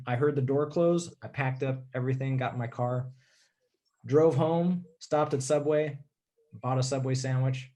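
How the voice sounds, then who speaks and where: In a casual interview, a man tells a personal story in a candid, rambling way, frequently clearing his throat and dropping "dude." His voice is mid-range and warm, at a normal speed.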